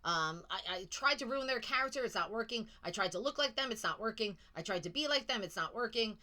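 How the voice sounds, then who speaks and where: Reader doing a fed-up karmic schemer, whiny and exasperated, bright voice. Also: female voice, on the high side, lively intonation, brisk. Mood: frustrated.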